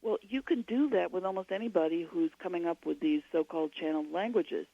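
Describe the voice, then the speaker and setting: A woman's voice: fairly low pitch, fast talker, creaky, no room sound, lo-fi sound. A woman, a guest author on a radio interview, giving long and digressive explanations.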